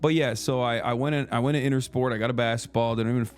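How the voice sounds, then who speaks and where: Profane, animated man telling stories. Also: medium pitch, rapid-fire. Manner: profane, animated storytelling with many fillers. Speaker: livestreamer. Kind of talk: casual stream chat.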